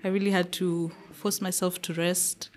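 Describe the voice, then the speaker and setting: A woman guest on a podcast telling her story casually, animated and laughing often. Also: lowish voice, normal speed.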